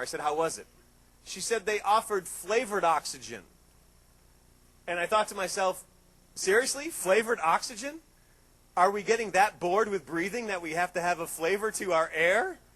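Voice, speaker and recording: A middle-aged man giving a live health lecture to an audience, telling jokes and stories in an animated way. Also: on the high side. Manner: animated, joking storyteller. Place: restaurant event room.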